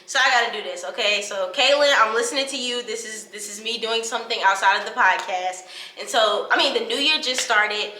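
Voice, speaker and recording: A college-age woman talking casually to camera in a vlog, chatty and animated, calling her viewers y'all. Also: fairly high pitch, a little fast, reverberant, a little hiss or hum. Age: 20s. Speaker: college student vlogger and podcaster.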